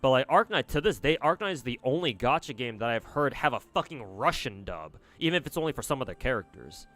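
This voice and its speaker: A man's voice: medium pitch, very animated, fast, a bit bright. A young man streaming games, rambling casually, swearing and answering chat messages. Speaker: gacha game streamer.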